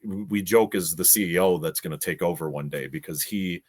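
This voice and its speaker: A man's voice: sits low, fairly quick, slight background noise. A middle-aged man, a podcast guest, telling stories in a casual way and acting out what people said. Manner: animated storyteller, acts out quotes. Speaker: podcast guest, gaming show organizer. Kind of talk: casual storytelling.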